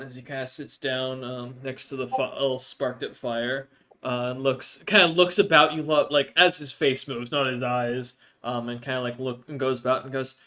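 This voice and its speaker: A man's voice: mid-range voice, steady tone, moderate pace, bright, forceful tone. A man narrating a tabletop game as game master, speaking hesitantly with many fillers.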